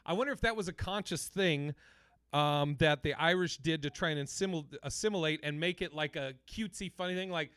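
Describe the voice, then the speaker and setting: A man hosts a casual podcast and thinks out loud, laughing and swearing easily. His voice is fairly high, bright and forceful. It sounds dry, with no room echo. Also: a little fast, clear, resonant tone. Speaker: podcast host. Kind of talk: casual chat.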